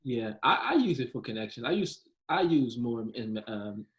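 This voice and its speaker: A man's voice: medium pitch, sing-song, moderate pace, fairly bright tone. A man co-hosting a casual podcast, mostly adding short agreeing replies. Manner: brief agreeing replies, laughs along. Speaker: podcast co-host. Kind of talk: casual conversation.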